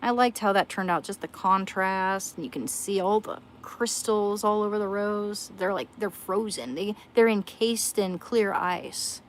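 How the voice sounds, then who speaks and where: A woman's voice: medium pitch, a little slow, few pauses, rough recording. A woman chatting casually on her livestream, rambling and self-deprecating, often trailing off and restarting her sentences. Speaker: livestream host. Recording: loud background noise.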